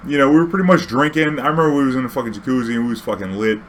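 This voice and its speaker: A man's voice: mid-range voice, racing, slight background noise. A young man, telling a casual, profane, slang-heavy story as a vlog host. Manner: profane, laid-back, full of slang and fillers.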